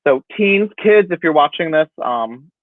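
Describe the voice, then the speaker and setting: A young man hosting a casual livestream, chatty and animated, laughing often as he talks over a video call. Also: fairly high pitch, measured pace, no room sound. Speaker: host. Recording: tinny phone-like dry call audio.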